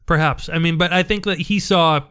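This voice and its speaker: A man's voice: fairly high pitch, steady tone, fairly quick, a bit bright, smooth. A man co-hosting a podcast in casual fan chat, chatty and often repeating words as he thinks. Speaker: podcast co-host.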